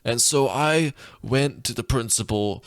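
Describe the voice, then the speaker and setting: A sick, coughing young man co-hosting a comedy podcast, telling an absurd rambling story and slipping into high silly voices. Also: a little slow, no echo, studio quality. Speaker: podcast co-host. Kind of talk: goofy comedic podcast chat.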